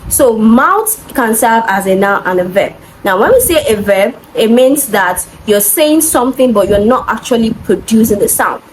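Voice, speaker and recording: A fairly high-voiced woman walks students through exam answers step by step. She is patient and methodical, often stopping to check that they follow. A faint hiss of noise sits under her voice. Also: lively intonation, normal speed, few pauses, rough recording. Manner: patient, methodical teaching with frequent "okay?" checks. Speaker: English exam tutor.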